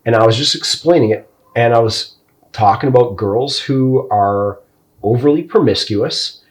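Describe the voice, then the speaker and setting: A podcast co-host with a medium-pitched voice talks at a moderate pace, blunt and profane in a casual conversation. He drifts off topic, going on tangents and losing his thread.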